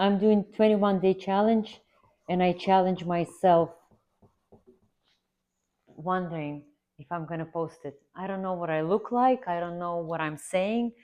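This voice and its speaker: A low-voiced woman, an art instructor, chats through a casual tutorial as she draws, in a muffled recording. She rambles earnestly and repeats herself for emphasis.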